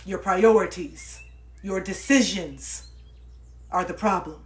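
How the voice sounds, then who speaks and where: A woman in her thirties giving spiritual life coaching on a livestream, preaching with a lot of swearing and swinging between loud outbursts and low murmurs. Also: slow pace, slight background noise. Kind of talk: impassioned livestream monologue.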